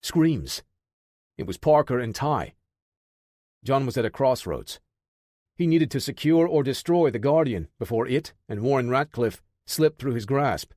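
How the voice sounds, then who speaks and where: A man narrating a military action audiobook in a steady, measured reading. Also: medium pitch, no room sound, studio quality. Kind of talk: scripted narration.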